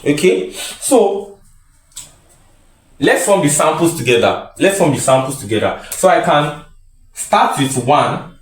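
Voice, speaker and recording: A man's voice: a little high, sing-song, unhurried. Man lecturing with repeated questions. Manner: repeats key phrases, asks and answers his own questions. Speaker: statistics tutor. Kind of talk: classroom lecture. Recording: echoey room.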